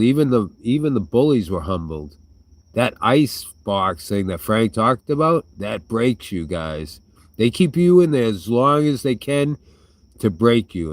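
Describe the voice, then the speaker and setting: A vlogger responds to his viewers' questions in casual talk, cursing freely and trailing off before restarting, coughing like a smoker now and then between sentences. His voice is medium-pitched, with no echo.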